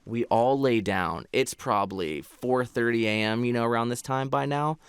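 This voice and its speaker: A man in his twenties, a podcast host, telling a story in an animated, slangy way and calling people bro. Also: medium pitch, moderate pace, smooth, no echo. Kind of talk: casual storytelling.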